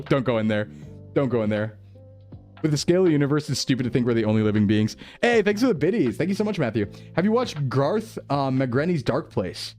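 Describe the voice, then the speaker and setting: A young American man chatting casually with his stream viewers, excitable and loose, full of "like" and "bro". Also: fairly high pitch. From United States. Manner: animated, excitable, lots of "like" and "bro".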